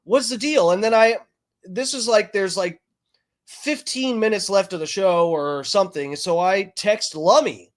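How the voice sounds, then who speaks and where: A man's voice: high voice, a little slow. A man streaming, telling a long story in a profane, rambling way with many fillers and restarts. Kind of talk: casual ranting story.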